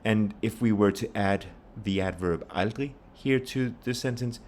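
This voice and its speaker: Male language teacher, very low pitch, patient and explanatory, models phrases slowly. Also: a little mellow, slight background noise. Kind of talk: pronunciation lesson.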